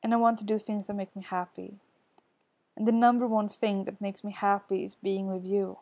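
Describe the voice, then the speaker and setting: A woman reading the lines of an anxious, apologetic young man in a podfic, halting and full of restarts. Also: medium pitch, level tone, darkish tone, no room sound, lightly acted.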